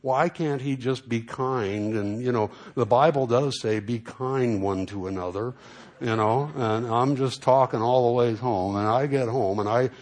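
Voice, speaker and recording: A man's voice: medium pitch, moderate pace. A middle-aged man pastor preaching a sermon, telling a story and acting out the people in it. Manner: storytelling, animated when acting out dialogue.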